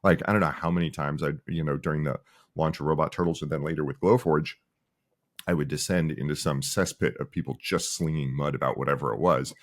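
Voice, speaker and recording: Speaking a little fast in a very deep voice, a middle-aged man who founded a company tells animated stories during a casual interview, performing the voices of the people he quotes.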